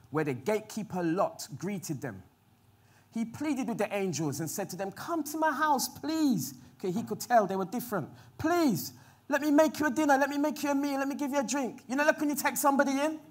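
Male preacher, high voice, acts out bible scenes, swings soft to loud, church hall. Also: breathy edge. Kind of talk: sermon.

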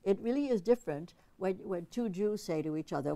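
A woman's voice: medium pitch, expressive, fairly quick, vocal fry, mellow, dry recording. A woman giving an academic literature lecture in an analytical, conversational way, thinking aloud as she goes.

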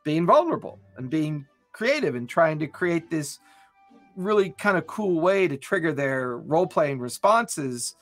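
A man's voice: a little high, big pitch swings, unhurried, soft background music. A man co-hosting a podcast, chatting casually and enthusiastically about tabletop role-playing in long rambling runs. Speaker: podcast co-host.

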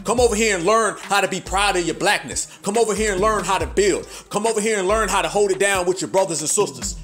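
A man with a notably high voice delivers a fiery, preachy podcast monologue. He fires off rhetorical questions and punctuates them with profane slang. Faint music sits under his voice. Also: quick pace, a bit bright. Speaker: podcast host.

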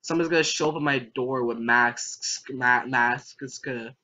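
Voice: medium pitch, a little slow, sharp tone. A young adult gamer giving let's play commentary, joking, rambling and talking back at the game on screen. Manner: jokey, rambling, talks to the game. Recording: dull lo-fi recording.

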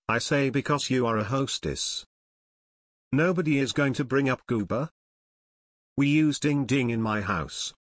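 Male narrator, mid-pitched, steady comment read-through, close dry voice-over. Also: dry recording. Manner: steady, even read-through of one comment after another. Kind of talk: reading online comments aloud.

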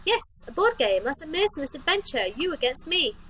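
A woman's voice: high voice, sing-song, a little fast, fairly bright tone, slight background noise, pitched above the performer's own voice, poor audio. A woman voicing a very old, playful creature in a horror game who speaks in rhymes. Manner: sing-song rhyming speech.

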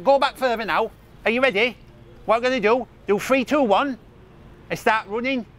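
A man's voice: a bit bright, slight background noise. A man acting a childish, bossy, hot-tempered grown-up brother in a comedy sketch, whining at his sister outdoors in a park. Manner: bossy, whiny, high childlike voice.

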